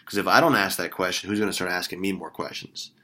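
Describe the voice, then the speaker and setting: Fast-talking upbeat man coaching sales calls. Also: low-pitched, slight background noise. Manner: energetic, upbeat, praising. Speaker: sales trainer.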